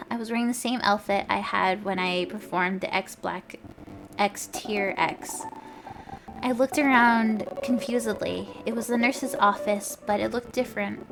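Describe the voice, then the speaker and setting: A woman streamer reading a story aloud for laughs, shouting the quoted lines over the top and breaking off for wry asides. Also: medium pitch, noisy background. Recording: clear background music under voice. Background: background music.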